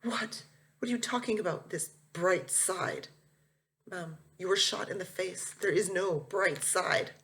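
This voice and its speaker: Woman reading as a pleading young son, pitched up, gravelly tone, storybook. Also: fairly even intonation, a little slow, hardly any pauses, a bit bright. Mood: distraught. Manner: pleading, raised and strained. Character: young man, a grown son sobbing at his mother's bedside.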